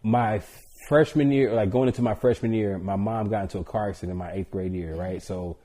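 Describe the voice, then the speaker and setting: A man from Georgia, a barber and podcast guest, telling stories in an animated, joking, slangy way. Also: on the low side, a little fast. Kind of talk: casual storytelling.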